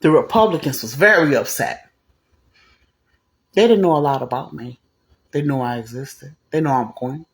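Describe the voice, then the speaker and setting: A woman casually telling a personal story to camera, animated and blunt, cussing freely and jumping into the voices of the people she quotes. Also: a bass voice, normal speed, long pauses. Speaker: vlogger.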